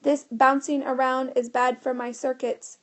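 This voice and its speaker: Pompous storybook computer, high and metallic-sounding, indignant, voiced by a woman narrator. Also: level tone, a little slow. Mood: snooty. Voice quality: mechanical, snooty. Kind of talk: audiobook character voice.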